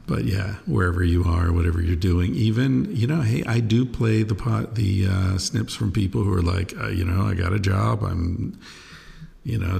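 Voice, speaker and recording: A man hosting his own podcast, talking in a rambling, relaxed way with many fillers. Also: low-pitched, gravelly, long reverb tail. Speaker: podcast host. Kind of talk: casual podcast monologue.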